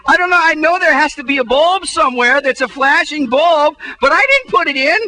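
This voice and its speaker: A pastor tells a comic story from the pulpit in a strikingly high, very bright and sharp man's voice. He acts out his own frustration, and his voice leaps even higher at those moments. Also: brisk, poor audio. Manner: animated storytelling, voice jumping up when exasperated. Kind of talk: humorous sermon story.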